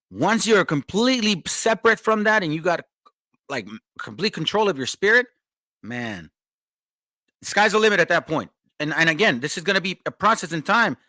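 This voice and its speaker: A man's voice: a little high, sharp tone, no room sound. A man earnestly preaching to listeners about keeping the laws and commandments. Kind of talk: religious exhortation.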